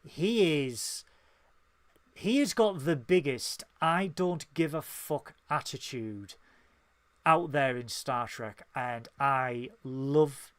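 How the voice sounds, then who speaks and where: A man's voice: mid-range voice, takes it slowly, dry recording. A man with a Northern English accent, co-hosting a casual podcast and speaking in an impassioned, emphatic way. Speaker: podcast co-host.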